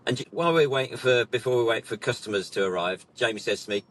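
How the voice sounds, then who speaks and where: A man's voice: medium pitch, fast, fairly bright tone. A middle-aged man, a racing instructor, telling a rambling, self-deprecating anecdote from his car while sat in traffic. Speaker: racing instructor and vlog host. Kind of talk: casual anecdote.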